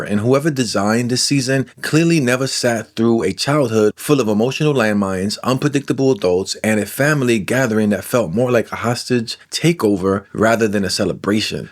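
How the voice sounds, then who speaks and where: A man talking casually to camera, sarcastic and self-deprecating, swearing freely. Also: lowish voice. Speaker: trauma-recovery content creator. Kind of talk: casual direct-to-camera talk.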